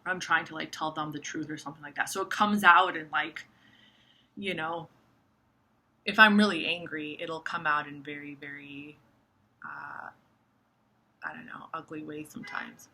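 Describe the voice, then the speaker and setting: A young woman talking casually to camera, animated and profane, full of fillers like "like" and "you know". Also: low voice, moderate pace, gravelly, pauses often. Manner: animated, swears, many likes. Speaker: astrology vlogger.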